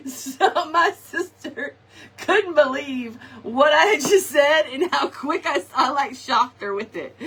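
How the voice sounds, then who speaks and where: A middle-aged woman, hosting a live crafting chat, animated and laughing often as she tells stories to her viewers. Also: high-pitched, breathy edge. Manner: animated, laughing often, folksy slang, talks to viewers directly. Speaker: craft shop host.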